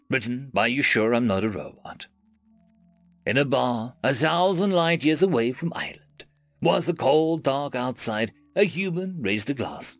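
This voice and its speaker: A man reading short science-fiction stories aloud in an expressive narration. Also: medium pitch, measured pace, dry recording, faint music behind. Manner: expressive reading with shifting tones. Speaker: story reader. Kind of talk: scripted narration.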